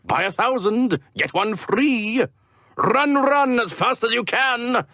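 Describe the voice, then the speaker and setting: Game casting: scheming snake-oil peddler, slow and bright, with a gravelly edge. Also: male voice, very high voice, expressive, no room sound, clean studio sound, exaggerated voice. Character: sly male snake-oil salesman.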